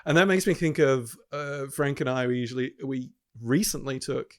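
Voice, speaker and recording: A man, a father chatting casually on a podcast in a relaxed, thoughtful way. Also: mid-range voice, normal speed. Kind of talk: casual chat.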